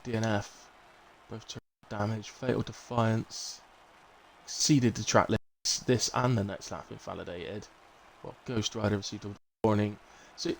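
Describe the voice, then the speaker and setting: On a rough recording with slight background noise, a lowish-voiced man from Bristol chats his way through live racing league commentary. His style is casual and meandering, full of asides to fill the gaps.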